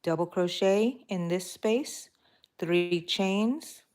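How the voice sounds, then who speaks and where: Brief: middle-aged woman, drawl, unhurried, low-pitched, chats with viewers as she crochets. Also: darkish tone. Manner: chatty, laughing, talks to viewers. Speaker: crochet vlogger. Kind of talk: casual live-stream chat while crocheting.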